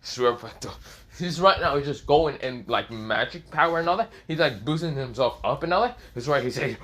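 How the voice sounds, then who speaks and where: A man's voice: mid-range voice, animated, normal speed, fairly bright tone. A young man casually narrating an improvised fan story, rambling with many fillers and casual swearing.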